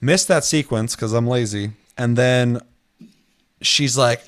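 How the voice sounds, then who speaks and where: A man's voice: medium pitch, normal speed. A man co-hosting a gaming podcast, telling a story in casual chat, swearing freely and acting out quotes. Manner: profane, animated storytelling with acted-out quotes. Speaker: podcast co-host.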